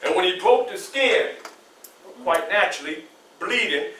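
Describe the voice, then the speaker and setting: A man in his sixties visits a school classroom as a guest speaker, telling a personal story with vivid, repetitive phrasing and questions for the room. His voice sits high and sharp, animated yet measured, picked up by a distant mic in an echoey classroom.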